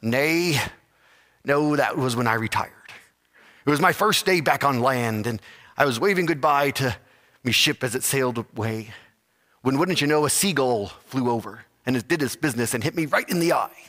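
A man voicing a gruff old male pirate who talks in a salty pirate way. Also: medium pitch, animated, pushed and bright, in a large hall. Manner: salty pirate talk with drawn-out "yar".

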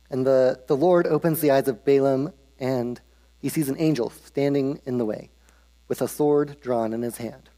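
Male preacher, casual humorous storytelling, mid pitch, long hall echo. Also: moderate pace, mellow. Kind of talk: casual Bible storytelling sermon.

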